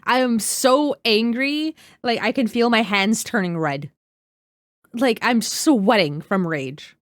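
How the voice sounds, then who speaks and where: A woman's voice: fairly high pitch, slow, no echo, clean studio sound. A young woman streaming a reaction video, talking heatedly, swearing and greeting her chat by name. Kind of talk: casual live-stream reaction.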